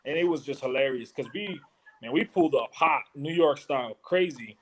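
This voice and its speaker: A man's voice: on the high side, moderate pace, husky. A man co-hosting a casual car podcast, brash and boastful in a laid-back way. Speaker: co-host.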